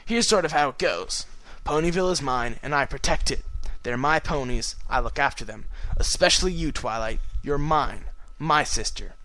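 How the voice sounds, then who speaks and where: A man's voice: medium pitch, moderate pace, hardly any pauses, pushed and bright, close to an everyday voice, low-quality recording. A man voicing an earnest, protective young male dragon in a storybook reading. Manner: earnest, cheerful teasing.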